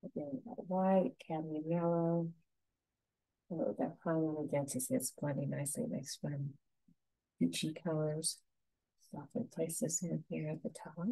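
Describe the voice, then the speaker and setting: A woman with a low, very dark and mellow voice talks through a painting lesson step by step. She murmurs her instructions softly and without hurry. The sound is dry and close. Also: steady tone, creaky, husky, no echo, poor audio. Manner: soft, unhurried, murmuring instructions.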